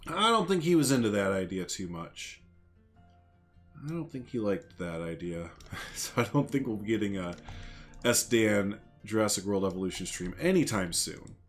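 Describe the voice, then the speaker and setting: A man's voice: on the low side, lively intonation, normal speed, faint music behind. A young man chatting casually on a game live stream, laughing often and answering viewers.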